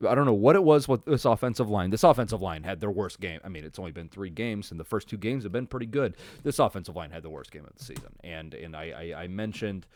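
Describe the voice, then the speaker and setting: A man hosting a podcast, giving a casual, profane football recap that swings from loud frustrated outbursts to low mutters. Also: lively intonation, fast talker, few pauses, no echo. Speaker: podcast host. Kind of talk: casual ranting sports recap.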